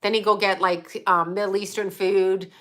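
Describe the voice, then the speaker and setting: A middle-aged woman with a bright, forceful voice, rambling casually to her livestream audience. She is blunt and emphatic and swears without a second thought, like a psychic medium speaking her mind. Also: mid-range voice, little pitch movement, moderate pace.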